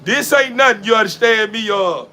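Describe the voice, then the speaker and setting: A man rambles on in a high, bright voice, laughing between his repeated lines. He talks slangy and preachy while washing his dog in a yard, with faint noise behind him and his distance from the mic shifting. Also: moderate pace. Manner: laughing, repetitive, preachy street talk. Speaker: dog breeder. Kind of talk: casual vlog while bathing a dog. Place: outdoors in a yard.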